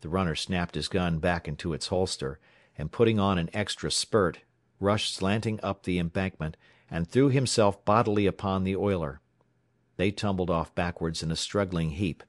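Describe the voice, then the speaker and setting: A man narrating an adventure audiobook in a steady, measured reading style. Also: sits low, no echo, clean studio sound.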